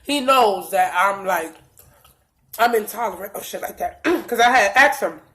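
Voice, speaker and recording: A young woman, slightly stuffed up from allergies, tells a profane, blunt storytime on her vlog with lots of animated reenacted dialogue. Her pitch is medium and her pace unhurried.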